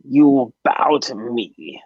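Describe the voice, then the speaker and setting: A man voicing Yemek, a ruthless, boastful goblin chieftain who speaks in slow, broken phrases. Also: medium pitch, animated, slightly rough, no echo. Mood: menacing. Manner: slow, halting commands in broken speech. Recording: dull lo-fi audio.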